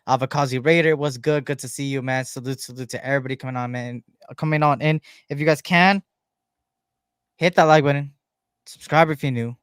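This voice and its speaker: A man's voice: mid-range voice, fairly even intonation, fairly quick, fairly bright tone, clear, resonant tone, dry recording, clean studio sound. A man hosting a fan podcast live stream, greeting viewers in an upbeat, repetitive way. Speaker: podcast host. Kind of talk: live stream chat shout-outs.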